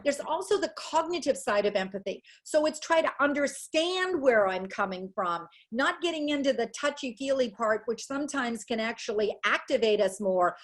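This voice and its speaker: A woman's voice: fairly high pitch, expressive, moderate pace, few pauses. A woman psychologist giving an earnest, emotional webinar talk over a video call, acting out the people in her stories. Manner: earnest, emotional, acts out quotes. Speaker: guest speaker, educational psychologist.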